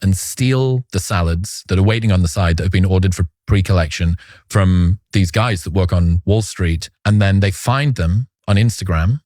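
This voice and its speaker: Male reaction-show host, measured commentary, dry close mic. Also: deep voice, a little mellow, no room sound. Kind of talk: commentary on clips.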